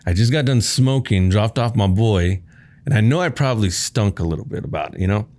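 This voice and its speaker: A man's voice: on the low side, fairly quick, a little mellow. A young man casually telling a story in chat, laid-back and swearing often.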